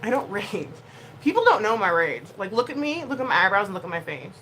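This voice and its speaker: A woman YouTuber talking casually to her camera in an animated, expressive way, moving between quiet asides and loud bursts. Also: medium pitch, fast, slight background noise, low-quality recording.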